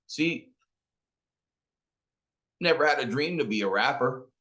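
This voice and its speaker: A man in his forties telling a personal story about his late mother, slow and emotional, with some street slang. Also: mid-range voice, expressive, fairly bright tone. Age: 40s. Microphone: interview.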